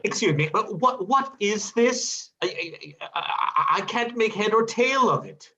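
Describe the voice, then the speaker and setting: A man's voice: high voice, lively intonation, unhurried, pushed and bright, slightly rough, full character voice, poor audio. A man voicing a flustered, pompous bank chairman in a stage play reading, stammering over his words.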